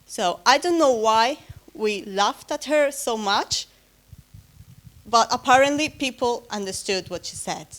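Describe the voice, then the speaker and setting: A woman's voice: fairly high pitch, animated, unhurried, a bit bright. Woman presenting a lecture. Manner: hesitant, many fillers and self-corrections, light humor. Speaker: conference speaker giving closing talk. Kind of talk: academic conference presentation.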